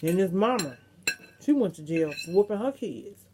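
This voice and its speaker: A woman's voice: medium pitch, animated, normal speed, noisy background. A middle-aged woman vlogger, chatting casually and reminiscing to her viewers, with some salty language. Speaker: mukbang vlogger.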